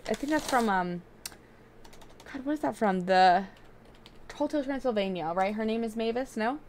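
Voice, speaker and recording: A young adult woman giving casual, chatty gameplay commentary, excitable and quick to get frustrated. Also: on the high side, a little hiss or hum. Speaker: video game streamer.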